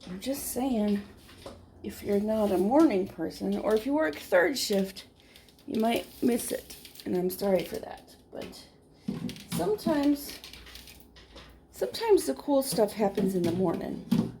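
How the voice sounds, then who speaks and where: A woman's voice: mid-range voice, very animated, a little slow, creaky, background noise. A woman talking casually in a rambling, easygoing morning vlog at home by a window. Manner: rambling, easygoing, drifts into whispers. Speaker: vlogger.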